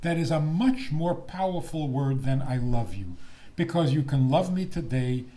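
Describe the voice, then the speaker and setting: An older man, a rabbi, giving a talk on faith and marriage in a teasing, deliberate manner. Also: a little high. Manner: lively, teasing, slow deliberate delivery with laughs.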